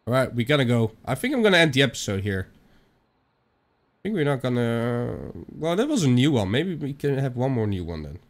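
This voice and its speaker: A man's voice: mid-range voice, big pitch swings, normal speed. A young man with a Dutch accent giving rambling, chatty let's-play commentary, swearing now and then. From Netherlands. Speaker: gaming channel host.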